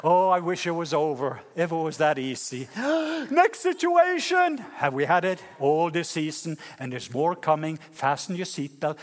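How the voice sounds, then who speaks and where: Man, preacher, sermon, high voice, animated storytelling, loud to hushed, echoing hall. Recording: reverberant church hall.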